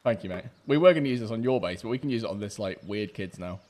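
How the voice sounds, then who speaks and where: A man's voice: fairly low pitch, animated, fast, a crowd in the background. A man playing an online game with friends, mocking an angry kid in voice chat and laughing at him. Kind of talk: gaming voice chat.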